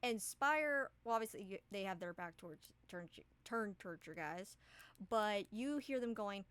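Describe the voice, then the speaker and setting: A woman's voice: mid-range voice, lively intonation, normal speed, a bit bright, smooth, no echo. Casual rambling woman game master. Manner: casual, rambling, swears freely. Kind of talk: narrating a tabletop game.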